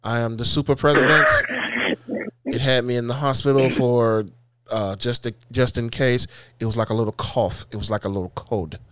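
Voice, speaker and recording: A man's voice: mid-range voice, steady tone, normal speed, fairly bright tone, slight background noise, lightly acted. A man doing a rambling, boastful impression of a president, spouting absurd claims in podcast banter.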